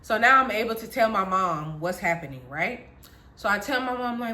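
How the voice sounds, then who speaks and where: A woman vlogger telling her childhood story in casual chat, animated, laughing often and calling her viewers y'all. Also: medium pitch, normal speed.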